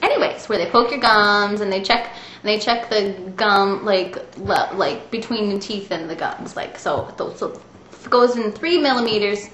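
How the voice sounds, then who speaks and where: A woman's voice: medium pitch, moderate pace, fairly bright tone. A woman in her thirties casually telling a rambling story to the camera, chatty and often laughing as she goes. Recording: echoey room with faint hiss.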